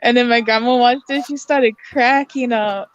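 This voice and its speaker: A woman's voice: on the high side, steady tone, moderate pace, clean tone, dull audio. A woman hosting a casual chat on a video call, asking questions. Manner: chatty, asks questions. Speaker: host.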